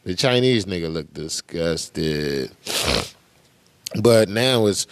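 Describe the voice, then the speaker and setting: A man's voice: medium pitch, slow pace, smooth, no room sound. A man hosting a podcast with casual, heated commentary, profane and mocking as he reacts to clips. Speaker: podcast host.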